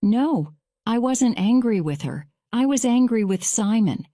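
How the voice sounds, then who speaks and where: A woman voicing a young man being questioned in court, speaking in a slow, measured storybook reading. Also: a little high, animated, mellow, no room sound, studio quality. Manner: measured, slow graded-reader delivery.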